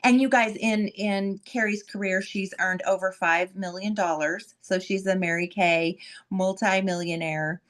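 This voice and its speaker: A woman's voice: medium pitch, steady tone, unhurried, a bit bright. A woman host giving an effusive, heartfelt introduction of a guest, often repeating words as she gets emotional.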